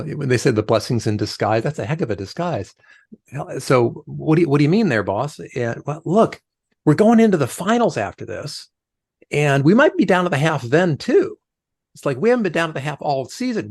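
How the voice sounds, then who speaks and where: A man's voice: a little high, gravelly, slightly rough, no room sound, clean studio sound. A middle-aged man, a leadership coach guesting on a podcast, talks it through and acts out the voices of the people in his stories. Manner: animated storyteller, acts out quoted voices. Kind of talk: conversational podcast interview.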